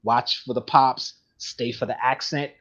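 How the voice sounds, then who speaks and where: A man's voice: medium pitch, fairly even intonation, measured pace, a bit bright. A man hosting a live collectibles show, talking casually in a rambling, chatty way and laughing often. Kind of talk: casual live-stream chat. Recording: dull lo-fi stream audio.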